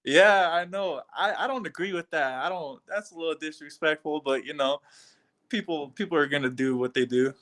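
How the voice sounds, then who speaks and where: A man's voice: fairly high pitch, moderate pace. A young man from Canada, a fighter answering interview questions in an easygoing way over a video call. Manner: easygoing, laid-back, with frequent soft laughs.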